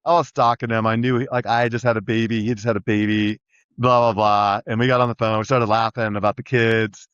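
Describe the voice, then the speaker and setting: Fast-talking man telling stories. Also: lowish voice, clean tone, no room sound. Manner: rambling, energetic, full of restarts. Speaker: guest entrepreneur. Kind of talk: casual storytelling interview. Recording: dry, slightly dull sound.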